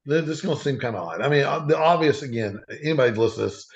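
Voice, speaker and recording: A man's voice: mid-range voice, lively intonation, rapid-fire. A man telling earnest stories as a podcast guest, rambling with frequent restarts. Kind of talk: casual storytelling. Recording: dull lo-fi sound.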